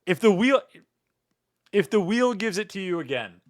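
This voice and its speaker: Lively man rambling on a livestream. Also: high-pitched, normal speed. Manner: joking, rambling, tacking "meow" onto sentences. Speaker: streamer. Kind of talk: casual livestream chat.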